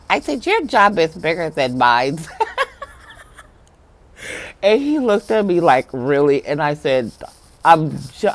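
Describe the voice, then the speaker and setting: Excitable spiritual vlogger telling a story. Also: mid-range voice. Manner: excitable, swings from hushed to loud and laughing; filler-heavy, lots of "like". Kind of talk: casual storytelling to viewers.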